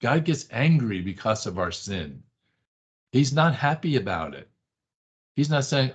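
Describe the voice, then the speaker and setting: This man's Bible study teaching is very animated yet slow, full of long pauses, in a medium-pitched, slightly rough voice. He repeats short phrases emphatically and keeps asking the class "right?" in a conversational manner. The recording is dull and lo-fi.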